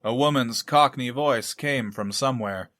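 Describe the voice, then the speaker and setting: A man reading a novel aloud in measured scripted narration. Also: medium pitch, fairly bright tone, no room sound, studio quality. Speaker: audiobook narrator.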